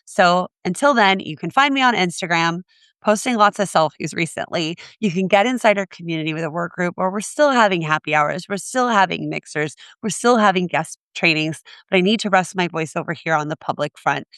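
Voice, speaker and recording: A woman hosting a podcast with a raspy voice, chatty and upbeat as she wraps up and promotes her community. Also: fairly low pitch, brisk, a bit bright, no echo, studio quality. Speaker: podcast host. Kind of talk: casual podcast talk and outro.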